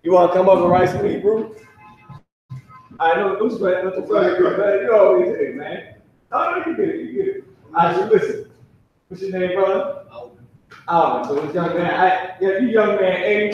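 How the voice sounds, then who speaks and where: A man teaching a language class in a classroom with a whiteboard, talking loose and slangy and drilling pronunciations by repeating them slowly. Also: high voice, slight background noise. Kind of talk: casual classroom instruction. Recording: echoey room, distant and muffled.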